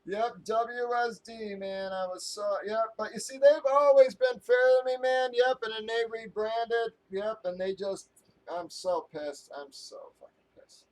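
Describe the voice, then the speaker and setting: A man's voice: very high-pitched, steady tone, a little slow, darkish tone, poor audio. A man hosting a live stream, ranting angrily to his viewers, swearing often and rambling with restarts. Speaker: live stream host breaking sports card boxes.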